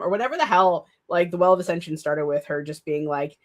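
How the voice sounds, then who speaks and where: A young woman chatting casually on her live stream, excitable and rambling, with frequent restarts and laughter. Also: on the low side, fast talker, few pauses. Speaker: streamer hosting a write-with-me stream.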